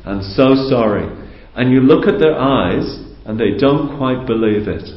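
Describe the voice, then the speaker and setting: A man giving a calm, conversational teaching talk to a group, explaining patiently and asking rhetorical questions. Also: mid-range voice, measured pace. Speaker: spiritual teacher. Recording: roomy, dull lo-fi recording.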